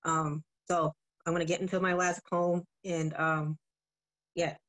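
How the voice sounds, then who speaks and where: A woman educator speaking over a phone on a video call, laid-back and emotional as she talks, then slow and forceful as she recites spoken word poetry. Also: fairly low pitch, flat delivery. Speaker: educator and poet.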